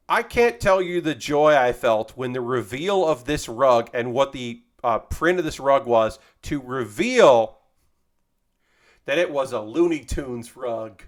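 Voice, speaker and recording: Rambling man chatting on a livestream. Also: medium pitch. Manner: rambling and chatty, with swearing and mock quotes. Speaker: livestream host. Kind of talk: casual livestream chat while building a model kit.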